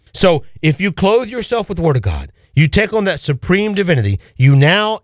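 A man's voice: high-pitched, fairly bright tone, no room sound, clean studio sound. A man preaching a radio sermon, fervent and exhorting, repeating his key phrases to the listeners.

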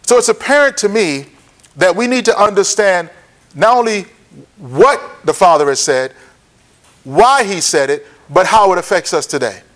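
A man teaching a Bible lesson, often checking that listeners follow and repeating key points slowly for notes. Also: sits high, expressive, fairly bright tone. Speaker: preacher.

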